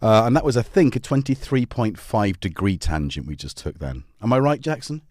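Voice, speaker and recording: A man chatting on his own live stream, loose and jokey, forever wandering off on tangents. His pitch swoops up and down a great deal as he talks. The sound is dry and close, with no room echo at all. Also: very animated, normal speed, a little mellow. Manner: rambling, jokey, full of tangents and asides to his cats. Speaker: livestream host. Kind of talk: casual live-stream chat.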